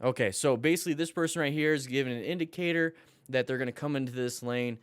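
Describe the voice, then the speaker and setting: A man's voice: mid-range voice, quick pace, heavy background noise. A man teaching a live-streamed motorcycle class, joking with viewers and coaching in an upbeat way. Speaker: motorcycle riding instructor. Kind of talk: live-streamed class reviewing riding videos.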